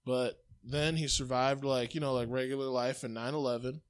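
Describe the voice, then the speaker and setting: A man's voice: medium pitch, fairly even intonation, moderate pace, clean tone. A man hosting a podcast, trading crude jokes and mocking insults in loose banter. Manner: profane, mocking, loud laughing. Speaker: podcast host.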